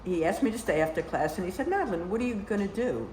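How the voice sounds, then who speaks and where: A woman's voice: mid-range voice, expressive, quick pace, darkish tone, a little hiss or hum. An older woman telling long, rambling personal stories in casual conversation, with many "you know" asides. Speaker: storyteller guest. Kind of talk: casual storytelling. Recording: roomy echo.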